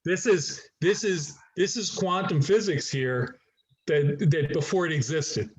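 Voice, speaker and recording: A man's voice: fairly high pitch, unhurried, lo-fi sound. A man, a chiropractor, talking reflectively in a casual group discussion over a video call, rambling with restarts.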